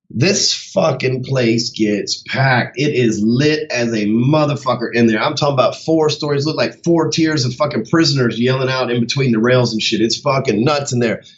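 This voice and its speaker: A blunt male sales coach talking casually and cursing freely as he motivates. His voice sits at a middle pitch. The recording sounds slightly dull. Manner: blunt and heavily profane.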